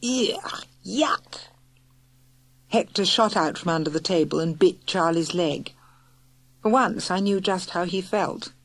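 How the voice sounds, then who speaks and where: A woman narrating a children's audiobook in a lively, clear storytelling manner. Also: on the low side, normal speed, no room sound. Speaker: audiobook reader.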